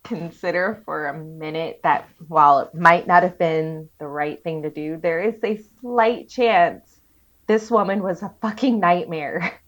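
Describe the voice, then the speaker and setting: A woman's voice: lowish voice, measured pace. A woman co-hosting a casual podcast, chatting frankly, swearing freely and laughing easily. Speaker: podcast co-host. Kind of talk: casual chat.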